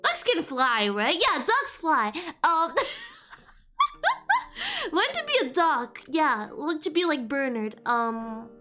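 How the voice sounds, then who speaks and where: A woman VTuber chats casually with her livestream viewers in a high voice, speaking slowly with huge swings in pitch. She's playful, giggles often, and reacts to chat, while faint lo-fi music plays in the background.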